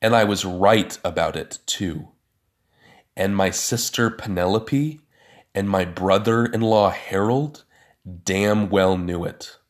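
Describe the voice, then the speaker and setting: A man's voice: sits low, takes it slowly. A man narrating a first-person story with dry, sardonic asides.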